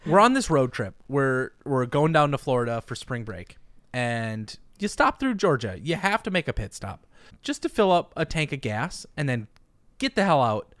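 A man co-hosting a casual chat, telling stories in an animated way and laughing often. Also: mid-range voice, normal speed, no room sound. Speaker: podcast co-host. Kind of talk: casual comedic storytelling.

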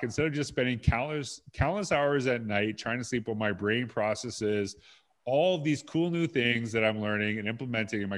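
A man hosting an education podcast, relaxed and conversational as he asks questions and reads quotes aloud. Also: medium pitch. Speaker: podcast host. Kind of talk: casual interview talk.

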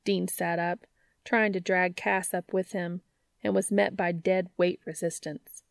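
A woman narrating fiction aloud in an even storytelling manner. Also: on the low side, unhurried, creaky, dry recording, studio quality. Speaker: audiobook narrator.

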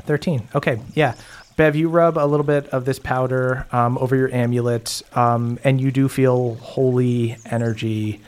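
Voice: mid-range voice, steady tone, normal speed, a little mellow. A game master narrating a tabletop game, playful and full of ums. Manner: lots of ums, playful, laughs easily.

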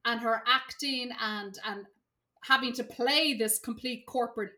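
A woman's voice: a little high, unhurried, bright, forceful tone. A woman co-hosting a podcast, talking enthusiastically about a film she enjoyed. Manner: enthusiastic, gushing praise. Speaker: podcast co-host. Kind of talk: casual film review chat.

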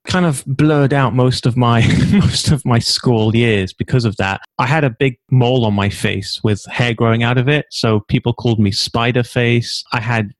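A man from England with a London accent speaks at a normal pace in a mid-range voice, fairly even in intonation and with hardly any pauses, on a dry recording. As an interview guest, he tells his story candidly, joking and poking fun at himself.

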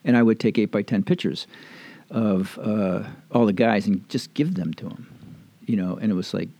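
Older man, low voice, rambling storyteller, chuckles often, dry close sound. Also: normal speed, dark tone, no echo. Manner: rambling, chuckling, many fillers and restarts. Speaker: interviewee. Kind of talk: casual storytelling reminiscence.

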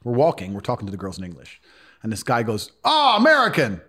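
A man's voice: on the low side, quick pace, darkish tone, breathy edge. A man telling stories as a podcast guest in a blunt, profane, casual way. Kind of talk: casual storytelling.

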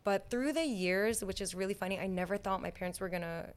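A young adult woman, a guest in a casual interview, tells her story in a lively way with many "like" and "you know" fillers. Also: mid-range voice, brisk.

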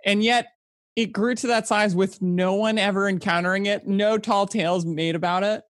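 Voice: mid-range voice, steady tone, moderate pace, fairly bright tone. A player in a tabletop game, asking lots of curious questions in a casual way.

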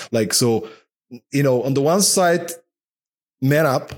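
A talkative, animated man speaking as a podcast guest in casual interview talk, often dropping "man" into his sentences. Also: mid-range voice, breathy edge.

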